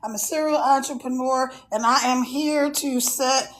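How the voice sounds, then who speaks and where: A woman's voice: high voice, fairly even intonation, moderate pace. A woman hosting a casual phone live stream, chatty and repetitive, greeting viewers by name. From United States. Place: mountains of Virginia.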